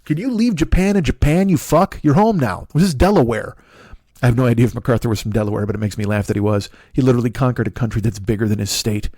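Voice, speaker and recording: A man's voice: mid-range voice, fast talker, dark tone, no echo, clean studio sound. A man in his forties, a comedian hosting a podcast, delivering a profane, rambling comic monologue with frequent restarts. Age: 40s.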